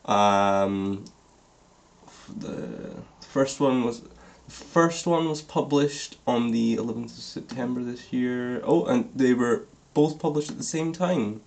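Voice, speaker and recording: A man's voice: medium pitch, takes it slowly, vocal fry, darkish tone. Young guy vlogging, reads silly fanfic and keeps cutting in with snarky laughing comments. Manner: sarcastic, laughing asides. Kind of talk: comedic dramatic reading with commentary.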